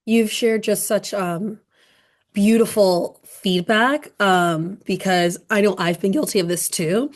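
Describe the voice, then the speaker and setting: A woman's voice: medium pitch, takes it slowly. A woman co-hosting a casual podcast conversation, speaking in an earnest, reflective way. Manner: earnest, reflective, soft-spoken at times.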